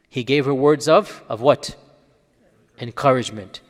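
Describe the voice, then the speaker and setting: A man's voice: medium pitch, fast. Earnest male scholar in reverberant room. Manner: earnest teaching tone, rhetorical questions and check-ins. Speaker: Islamic scholar answering questions. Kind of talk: explanatory religious lecture.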